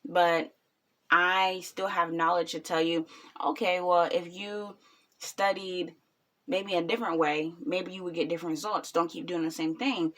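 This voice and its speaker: A woman's voice: lowish voice, fairly even intonation, measured pace, a bit bright. A woman in her twenties, a new mother, talking bluntly and rambling with lots of ums in a casual reaction vlog. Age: 20s.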